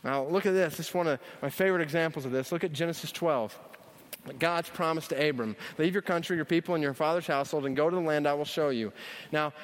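A man preaching a teaching sermon in a church, energetic and emphatic, often repeating key phrases. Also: a little high, fast talker. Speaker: pastor. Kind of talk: sermon teaching on Bible study. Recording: long hall reverb.

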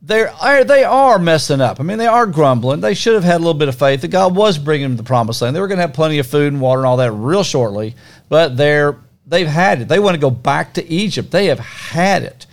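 Animated man telling a Bible story. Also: fairly high pitch, fairly quick. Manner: animated storytelling, acts out scenes with sound effects. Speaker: podcast co-host. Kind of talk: casual conversational Bible teaching.

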